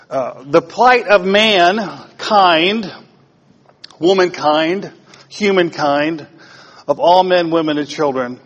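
Pastor, male, slightly higher voice, teasing interactive sermon style, long church reverb. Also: fairly bright tone. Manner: playful, quizzes the congregation.

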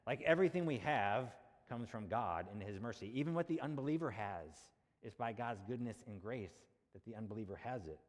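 In an animated, medium-pitched voice that runs a little fast, a man preaches a sermon in a chatty way. Rhetorical questions and check-ins with the congregation fill the talk, which echoes with long hall reverb.

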